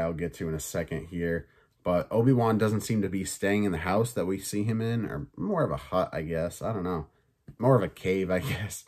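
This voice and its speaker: A man hosting a solo review podcast, talking in an excited, chatty way with many fillers and casual swearing. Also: low-pitched. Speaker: podcast host.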